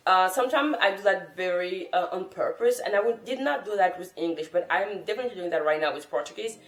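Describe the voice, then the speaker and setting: A woman's voice: fairly low pitch, quick pace. A woman from France, a native French speaker, talking to camera in an earnest, thoughtful and encouraging way as a language-learning vlogger. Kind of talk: casual talk to camera. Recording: roomy echo.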